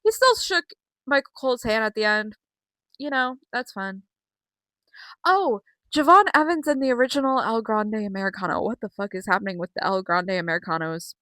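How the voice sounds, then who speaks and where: A young woman recapping wrestling shows in a casual, chatty vlog, swearing often and filling pauses with ums. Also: on the high side, animated, a bit bright, dry recording. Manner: chatty and profane, with frequent fillers. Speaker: wrestling vlogger.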